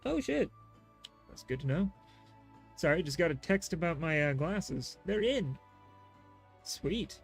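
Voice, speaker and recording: Slow-talking male streamer. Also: fairly high pitch, big pitch swings, soft background music. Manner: self-deprecating, swears casually. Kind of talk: casual commentary while reading game dialogue.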